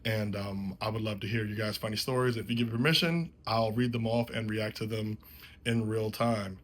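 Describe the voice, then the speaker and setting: A man's voice: fairly low pitch, level tone, normal speed, slight background noise. A young man casually telling a story to his viewers off the cuff, loose and profane, laughing as he goes. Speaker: vlogger.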